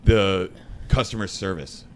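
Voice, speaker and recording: Very deep-voiced, jokey male co-host. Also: measured pace. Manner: agreeable, jokey, chimes in often. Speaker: podcast co-host. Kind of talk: casual interview chat. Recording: faint background noise.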